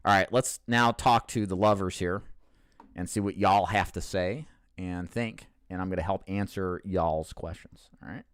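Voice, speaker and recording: A man's voice: sits low, moderate pace, fairly bright tone, clean tone, dry recording, studio quality. A man hosting a casual question-and-answer talk, candid and joking at his own expense, often restarting his sentences. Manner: candid, joking, self-deprecating, with frequent restarts. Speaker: insurance agency owner and host. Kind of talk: casual Q&A monologue to camera.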